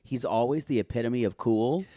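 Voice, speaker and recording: A man's voice: mid-range voice, normal speed, mellow, no room sound, studio quality. A man co-hosting a casual podcast, trading playful, crude banter about reality TV. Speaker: podcast co-host. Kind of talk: casual chat recapping reality TV.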